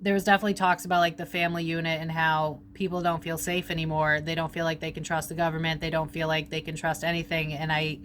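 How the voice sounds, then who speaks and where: A woman's voice: deep voice, little pitch movement, fast talker, hardly any pauses, fairly bright tone, a little hiss or hum. A woman giving a casual psychic reading, rambling, full of fillers and casual swearing. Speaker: psychic reader.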